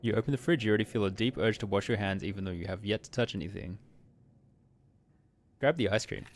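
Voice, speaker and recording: A man streaming a visual novel, reading its narration briskly and muttering asides while laughing at himself. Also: lowish voice, fairly even intonation.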